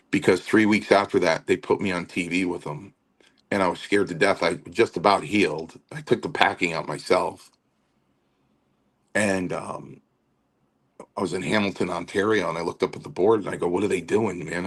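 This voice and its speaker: A man in his sixties, a retired pro wrestler and guest, telling stories casually and acting out the quotes with lots of fillers. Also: low voice. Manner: animated, acts out quotes, many fillers. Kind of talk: casual storytelling.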